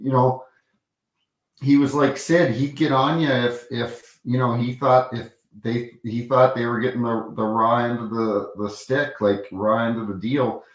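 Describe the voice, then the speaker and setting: A man's voice: mid-range voice, fairly even intonation, a little slow, echoey room, low-quality recording. A man, a former referee, telling rambling anecdotes with many restarts and acted-out quotes in a casual interview.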